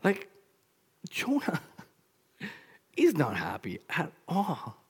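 Animated conversational pastor preaching. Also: medium pitch, very slow, breathy edge. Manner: conversational, animated, frequent "like" fillers and restarts. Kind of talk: sermon.

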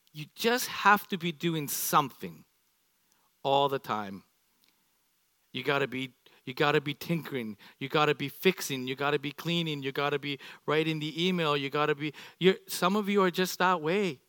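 A middle-aged man preaching a sermon to a congregation, animated and playful, acting out everyday examples. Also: on the high side, clean tone, dry recording. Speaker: pastor. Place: church sanctuary.

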